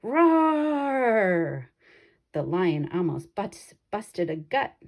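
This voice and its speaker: Female storybook reader, slow pace, warm and dark tone. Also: on the low side, husky. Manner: slow and expressive. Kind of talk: children's picture book read-aloud.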